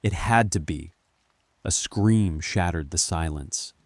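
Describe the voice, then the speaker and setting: A man narrating a scripted horror story in a calm, measured first-person telling. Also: sits low, no echo.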